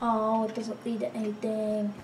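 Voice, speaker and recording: A woman commenting on her gameplay as she plays, excitable and quick to exclaim and shout reactions. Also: medium pitch, recorded from a distance. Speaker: let's play gamer. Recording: roomy, away from mic, noisy.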